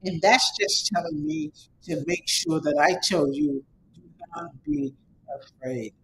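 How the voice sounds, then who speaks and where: A man's voice: fairly high pitch, big pitch swings, unhurried, vocal fry, noisy background. A man who teaches an online course, giving his students a casual, rambling, repetitive motivational talk with emphatic repeated urging. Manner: casual, conversational.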